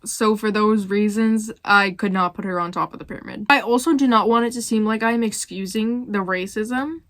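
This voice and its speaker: A woman's voice: medium pitch, normal speed, fairly bright tone, dry recording, clean studio sound. A young woman giving blunt, opinionated commentary with casual swearing as a video host. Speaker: YouTuber ranking reality show cast.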